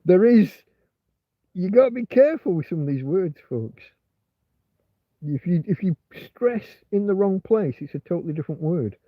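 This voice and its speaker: Male livestream host, meandering chatty delivery, slightly high voice, thin phone-like sound. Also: lively intonation, normal speed, no echo. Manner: meandering, many restarts and filler words. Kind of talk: rambling casual livestream chat.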